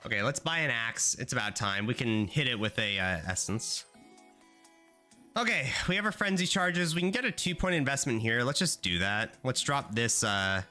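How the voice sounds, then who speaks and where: A young male streamer with a bright, forceful voice that swoops all over as he chats to his viewers. He rambles through playful rants and swears freely, and faint game music plays behind him. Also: mid-range voice, big pitch swings, normal speed. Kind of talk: casual gaming livestream chat.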